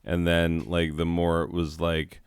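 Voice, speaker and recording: A man's voice: deep voice, little pitch movement, a little slow, smooth, dry recording. A man hosting a gaming video, rambling sarcastically and laughing as he plays. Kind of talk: casual commentary while playing.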